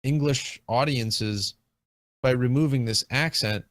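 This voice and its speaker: A man's voice: medium pitch, slow, fairly bright tone, no room sound. A man in a casual discussion, talking at length with many fillers and restarts. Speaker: guest in a video game discussion. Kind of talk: casual chat.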